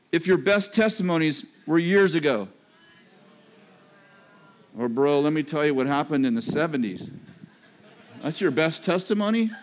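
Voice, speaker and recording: A man preaching a sermon in a conversational way, with joking asides and sudden drops to a low register. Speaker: pastor.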